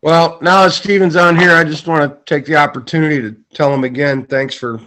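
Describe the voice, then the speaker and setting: A man's voice: fairly high pitch, fairly even intonation, a little fast, a crowd in the background. A laid-back man talks loosely with friends on a group video call. He drawls along, swears offhandedly and keeps it easygoing. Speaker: contest pilot. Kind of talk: casual group video chat.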